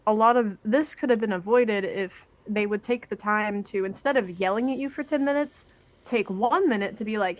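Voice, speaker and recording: A woman co-hosting a podcast, chatting casually in a thoughtful, measured way. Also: medium pitch. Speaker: podcast co-host. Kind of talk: casual chat.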